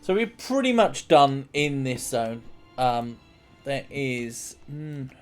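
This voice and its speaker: A man's voice: mid-range voice, big pitch swings, slow pace, clean tone, faint music behind. A man giving casual, rambling gameplay commentary as a streamer. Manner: rambling, chatty, self-mocking.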